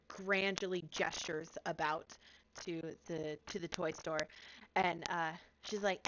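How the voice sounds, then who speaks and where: A woman's voice: on the low side, steady tone, slow pace, a bit bright, lo-fi sound, a little hiss or hum. A woman playing a tabletop game, giggly and hesitant as she describes her character's actions. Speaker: player.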